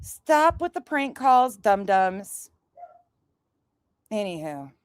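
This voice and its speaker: A woman's voice: mid-range voice, big pitch swings, slow pace, smooth, dry recording, clean studio sound. A woman hosting a casual livestream, brash and sarcastic, swearing often and laughing at her own stories. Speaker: streamer host. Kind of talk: casual profane livestream chat.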